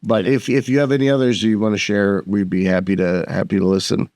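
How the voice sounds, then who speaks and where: A man hosting a podcast in casual chat, asking quick follow-up questions and joking with his guest. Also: on the low side, level tone, darkish tone. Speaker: podcast host.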